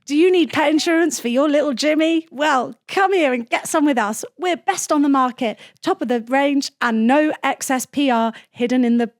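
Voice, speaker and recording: A woman putting on a cheery announcer voice for a silly pet insurance ad, with a bouncy, overeager sales pitch. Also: moderate pace, few pauses, natural voice. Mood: goofy upbeat.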